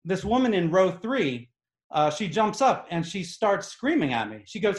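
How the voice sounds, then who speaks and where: A man telling a comic personal story on stage in an animated, exasperated, emphatic way. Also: sits high, normal speed. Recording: echoey room.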